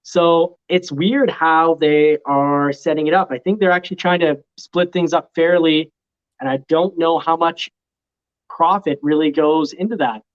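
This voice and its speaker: A man's voice: on the high side, fairly even intonation, clear, resonant tone. Man on a dull remote call. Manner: quick, confident, explanatory. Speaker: guest car reviewer. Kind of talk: casual live chat.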